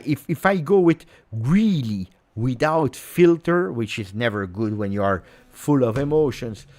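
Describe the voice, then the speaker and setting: A man's voice: medium pitch, a little mellow. A man with an Italian accent hosting a live football reaction, ranting angrily and repeating himself. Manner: angry, repetitive ranting. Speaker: fan channel host.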